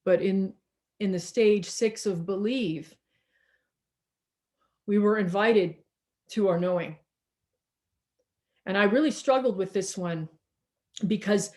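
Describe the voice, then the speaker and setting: A woman pastor giving a slow, reflective sermon over a video call, repeating words and pausing for emphasis, a little tired. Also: medium pitch, a little mellow.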